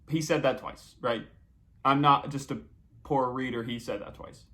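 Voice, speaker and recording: A man's voice: medium pitch, steady tone, normal speed, bright, forceful tone. A young man hosting a solo podcast, building up a story with mock-dramatic flair and playful self-corrections. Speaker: podcast host.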